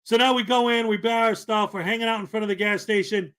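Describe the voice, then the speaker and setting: A man's voice: sits high, fairly even intonation, fast, fairly bright tone, clear, resonant tone. A man telling a rambling story in casual podcast chat, full of fillers and asides.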